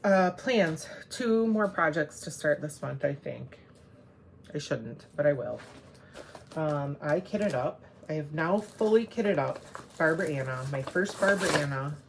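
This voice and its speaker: A woman with a low, gravelly voice talks through her craft supplies in a loose, rambling way, often stopping to correct herself. A faint hiss sits under her voice on a close camera mic at home. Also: lively intonation, unhurried. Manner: chatty, rambling, self-correcting. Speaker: cross-stitch vlogger. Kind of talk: casual show-and-tell chat.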